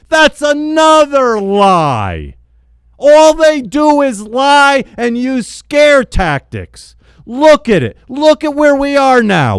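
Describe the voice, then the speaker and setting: A man angrily venting in a spoken rant, yelling, repeating himself and stumbling over his words in frustration. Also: very high-pitched, clean tone, no room sound. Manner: repeats phrases for emphasis. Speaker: political vlogger.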